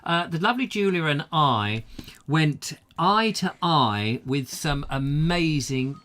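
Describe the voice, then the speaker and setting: A man's voice: a little high, lively intonation, slow, a bit bright. A man hosting a comic chat show, jokey and rambling in his banter. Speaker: host.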